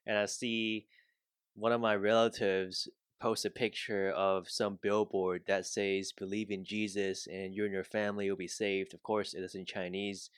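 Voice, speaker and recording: Blunt man with a smooth voice. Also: on the low side, level tone, normal speed, no room sound, studio quality. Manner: blunt, laughs easily, swears. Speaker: podcast guest. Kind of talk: casual conversational podcast.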